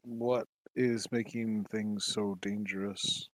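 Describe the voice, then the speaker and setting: A man playing a tabletop game, asking questions in character in a quiet way. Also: lowish voice, steady tone, slow pace, no echo. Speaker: player.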